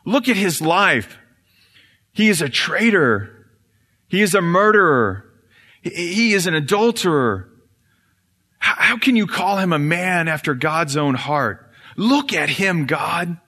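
A man's voice: fairly high pitch, expressive, slow, long pauses, pushed and bright, husky, voice pushed up, heavily acted. A pastor voicing Satan as a contemptuous male devil who keeps accusing people before God. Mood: indignant. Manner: raised, accusing, insistent. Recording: reverberant church hall.

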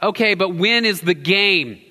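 Brief: a man mimicking an impatient four-year-old boy, high and whiny, with long church reverb. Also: huge pitch swings, measured pace, pushed and bright, exaggerated voice. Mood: puzzled.

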